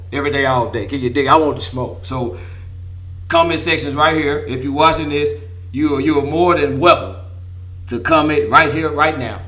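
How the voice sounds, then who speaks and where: Hoarse, bright-toned man hosting. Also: on the high side. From Memphis, Tennessee. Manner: boisterous trash talk with laughter, slangy. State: hoarse, losing his voice. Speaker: host. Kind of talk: casual sports talk show commentary.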